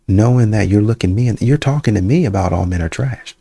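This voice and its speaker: A man's voice: fairly low pitch, fast, vocal fry, warm tone, slightly rough. A man hosting a reaction video, talking in a casual, conversational way and sometimes putting on voices to quote people. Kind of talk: casual commentary.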